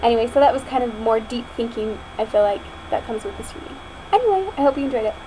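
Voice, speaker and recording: High-voiced young woman reading a storybook. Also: fast talker, slight background noise, poor audio. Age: young adult. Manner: expressive storytelling, chatty afterward. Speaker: student reader. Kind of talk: reading a picture book aloud.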